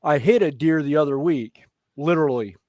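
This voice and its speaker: A man's voice: fairly high pitch, moderate pace, a little mellow, dry recording. Chatty Southern man with a dry, close sound. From North Carolina, USA. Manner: rambling and chatty, with frequent restarts and laughs. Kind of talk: casual chat.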